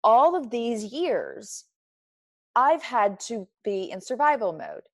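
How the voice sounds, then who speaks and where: A woman's voice: on the high side, very animated, slow pace, no room sound, studio quality. A woman speaking candidly as an interview guest, reflective and emphatic, often laughing. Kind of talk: candid personal conversation.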